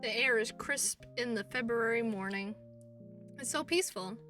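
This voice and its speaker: High, bright female streamer reading game dialogue aloud, expressive and foul-mouthed, a little off-mic over game music. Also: normal speed, far from the mic. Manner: expressive, swears, laughs at herself. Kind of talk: game playthrough, reading and reacting.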